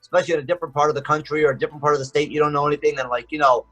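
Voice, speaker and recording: A man's voice: a little high, level tone, a bit bright, faint music behind, low-quality recording. A man from the Detroit area, a magician guest talking in a casual podcast chat, rambling with lots of fillers. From Metro Detroit, USA. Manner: rapid, rambling with many fillers.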